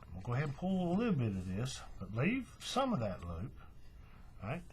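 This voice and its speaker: A man walks through a hands-on craft demonstration in a relaxed, folksy way, narrating each step as his hands work. His pitch rises and falls a lot as he explains. A faint hum sits under the recording. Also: a little fast. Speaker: craft tutorial host.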